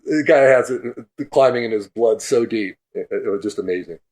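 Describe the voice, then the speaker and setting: Guy with a lowish voice telling a story on a podcast, laughing a lot, doing the voices. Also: fairly quick, a little mellow. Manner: laughs through his stories; acts out quoted speech. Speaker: podcast guest. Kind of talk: animated storytelling.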